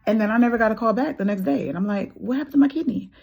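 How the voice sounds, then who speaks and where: A woman's voice: on the high side, very fast, vocal fry, slightly rough. A woman in her thirties telling her own story casually, acting out the voices of people she quotes. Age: 30s. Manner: animated, acts out quoted dialogue.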